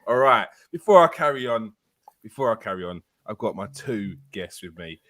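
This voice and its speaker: A man hosting a live fan show, chatty, excitable and teasing as he greets guests and reads comments. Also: on the low side, moderate pace. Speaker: host. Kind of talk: casual live show chat.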